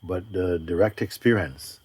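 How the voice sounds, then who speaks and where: At a retreat gathering, a man who is a spiritual teacher gives a spontaneous talk, gentle and unhurried, often breaking into laughter. His voice is deep with a breathy edge.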